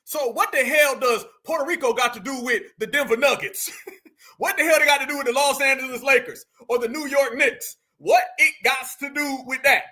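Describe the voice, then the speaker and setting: High, bright-voiced man mocking in heated commentary. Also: brisk. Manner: combative and mocking, with slang and rhetorical questions. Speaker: commentary host.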